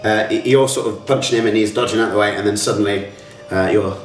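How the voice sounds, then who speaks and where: A man's voice: lowish voice, fairly even intonation, fast, soft background music. A man running a tabletop game as game master, hesitant, with many fillers and restarts. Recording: roomy distant mic with faint room noise.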